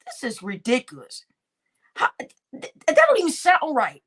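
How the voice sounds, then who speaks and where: A woman hosting a live stream, animated and exclaiming as she reacts to clips. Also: sits high, moderate pace, long pauses. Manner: animated and exclaiming, laughs often.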